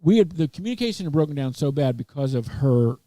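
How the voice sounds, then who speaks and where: A man's voice: a little high, expressive, fast talker, warm tone, no room sound. A man hosting a webcast, telling a long story in casual chat, full of fillers, restarts and asides. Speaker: webcast host. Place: Texas.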